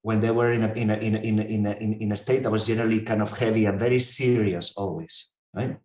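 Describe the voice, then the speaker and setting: A man telling stories in conversation, halting, with frequent restarts. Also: fairly low pitch, fairly even intonation, darkish tone, roomy sound. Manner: halting, many restarts and fillers, storytelling. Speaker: researcher and interviewer. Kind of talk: conversational storytelling.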